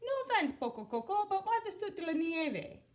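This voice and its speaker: A woman's voice: very high voice, sing-song, fairly quick, voice pushed up. A woman voicing Don Diego, the biggest of a pack of little male chihuahuas, easygoing and relishing his words. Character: big-hearted leader of little male chihuahuas.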